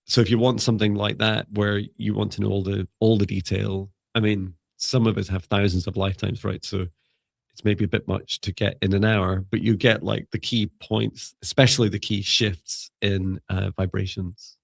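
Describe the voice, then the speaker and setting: A man with a low, gravelly voice chats on a live stream, rambling and musing and breaking into laughter. The sound is dry and close, with no room echo. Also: level tone, normal speed. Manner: rambling, musing, laughs often, self-correcting. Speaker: psychic mentor and live show co-host. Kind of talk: casual live-stream chat.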